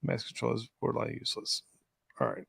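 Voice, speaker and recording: A man's voice: medium pitch, fast, creaky, fairly bright tone, husky, no room sound, studio quality. A man hosting a casual livestream chat, rambling and teasing his co-host, often stammering as he restarts. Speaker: show host.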